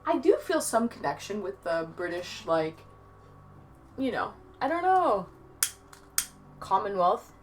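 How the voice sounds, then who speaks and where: A woman's voice: medium pitch, big pitch swings, slow pace, long pauses, slight background noise. A woman livestreaming and casually answering her chat aloud, rambling and chatty with some swearing. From Canada.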